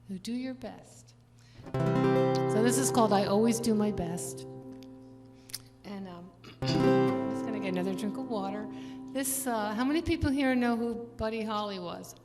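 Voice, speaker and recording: An older woman musician chatting with her audience between songs at a concert, rambling through anecdotes with quick laughs. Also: medium pitch, darkish tone. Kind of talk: stage banter between songs. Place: large church venue. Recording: live concert hall with long reverb and instrument.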